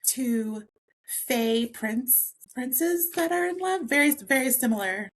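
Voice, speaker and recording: A woman's voice: high-pitched, lively intonation, takes it slowly, a little hiss or hum. A woman guest on a podcast, explaining things eagerly in casual chat and laughing often. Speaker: podcast guest, consent educator.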